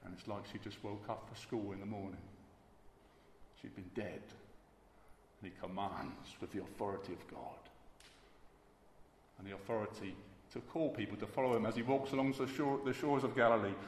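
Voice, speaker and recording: A man's voice: fairly low pitch, fairly even intonation, moderate pace, long pauses, a little hiss or hum. A man preaching a sermon emphatically, repeating key words for weight. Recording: echoey hall with faint ambience.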